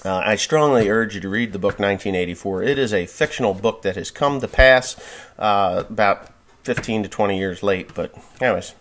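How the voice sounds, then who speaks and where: A man's voice: lowish voice, brisk, fairly bright tone. A man from New Jersey hosting a farm podcast, telling a rambling story in a casual monologue.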